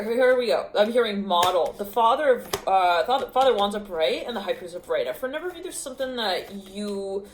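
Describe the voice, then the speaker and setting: A woman reads tarot aloud, in fragments, stopping short and laughing often. Her voice sits in an ordinary middle pitch. The room gives back a clear echo with a faint hum of ambience. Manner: rambling, laughs often, talks in fragments while channeling. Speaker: tarot reader. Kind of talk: intuitive tarot reading to camera.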